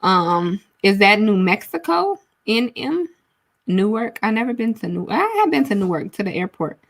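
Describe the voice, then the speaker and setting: A young woman chats on a livestream in a relaxed way, reading out viewer comments and calling them y'all. Her voice sits at a middle pitch, and she talks into a large studio mic. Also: moderate pace. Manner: chatty, reads out viewer comments, says y'all often. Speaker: livestream host. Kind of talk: casual livestream chat.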